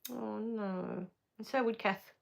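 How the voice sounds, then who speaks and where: A woman's voice: mid-range voice, slow pace, vocal fry. A middle-aged woman hosting a live stream, chatting casually as she reads viewer comments, easily moved to tears. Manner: relaxed with frequent fillers.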